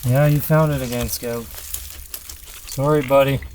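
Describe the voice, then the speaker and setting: A man's voice: mid-range voice, fairly even intonation, takes it slowly, background noise. A man on a canoe trip, talking casually to his dog and narrating outdoors. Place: outdoors in a park.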